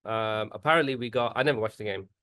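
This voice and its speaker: A man's voice: lowish voice, fast, bright, forceful tone. A man with a Birmingham accent co-hosting a casual football chat, laid-back and easy to laugh. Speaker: podcast co-host.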